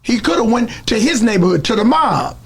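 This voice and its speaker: A man's voice: very high-pitched, sing-song, fairly quick, gravelly, slight background noise. A man being interviewed, telling a story blow by blow in a street manner. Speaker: interview guest.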